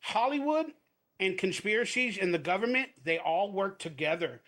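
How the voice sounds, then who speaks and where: Man, podcast guest, high bright voice, rambling and speculative. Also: animated, normal speed. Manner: rambling, speculative, poses hypotheticals. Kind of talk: casual podcast chat.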